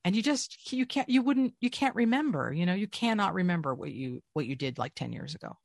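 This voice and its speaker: A middle-aged woman, a voice actress, telling stories in a casual interview with an animated, swinging delivery. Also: brisk, gravelly, dry recording, studio quality. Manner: animated storyteller with lively swings in pitch. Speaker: voice actress, guest.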